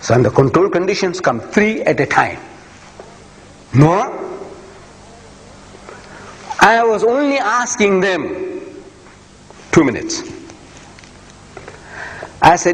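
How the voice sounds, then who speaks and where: A man's voice: sits high, big pitch swings, takes it slowly, pauses often, a little hiss or hum. A man giving an impassioned public lecture, emphatic and repeating phrases for force. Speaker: speaker. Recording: echoey hall, faint ambience.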